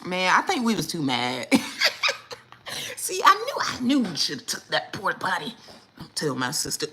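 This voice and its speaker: A woman, hosting a casual livestream chat and telling stories in a lively, indignant way, acting out what people said. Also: fairly low pitch, moderate pace, rough recording. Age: 40s. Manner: animated storytelling, acts out quotes, lively and indignant. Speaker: livestream host.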